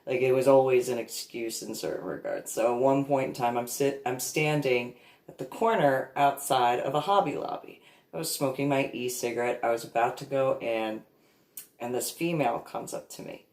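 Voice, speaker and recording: A woman's voice: a bass voice, normal speed, a little mellow. A woman vlogger telling a story in a chatty way, often laughing between lines. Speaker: reverend and vlogger. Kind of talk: casual storytelling monologue. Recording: echoey room.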